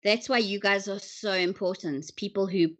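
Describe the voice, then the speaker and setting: A woman's voice: medium pitch, a bit bright. A woman hosting a casual interview, chatty and full of ums as she moves between questions. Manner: chatty, many ums, quick question-asking. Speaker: interview host.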